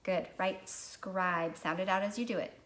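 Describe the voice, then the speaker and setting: A woman's voice: medium pitch, fairly even intonation, a little slow, fairly bright tone. A woman teaching a recorded phonics lesson to young children, patient and prompting them to repeat words.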